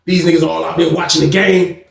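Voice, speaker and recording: A man telling a story in casual, slangy talk, acting out loud quotes along the way. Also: a little high, fairly quick, creaky, echoey room. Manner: animated, slangy, swings into loud acted-out quotes.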